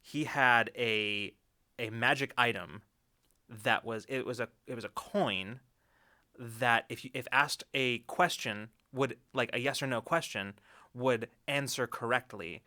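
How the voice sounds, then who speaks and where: Bright-voiced man telling stories. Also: mid-range voice, measured pace. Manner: animated storyteller, laughs often. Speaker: podcast co-host. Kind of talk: casual chat.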